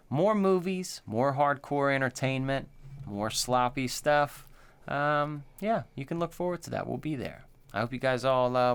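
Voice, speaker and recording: A man's voice: mid-range voice, clean tone. A middle-aged man co-hosting a podcast, telling a story in a rambling, filler-heavy way. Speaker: podcast co-host. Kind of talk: casual chat.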